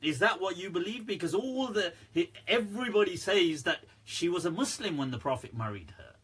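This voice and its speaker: A man's voice: high voice, animated, fairly quick, a bit bright, husky. A man talking casually on a livestream Q&A, joking, laughing often and speaking straight to his viewers. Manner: chatty and joking, laughs often, says "right" and "people". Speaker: Islamic scholar answering questions.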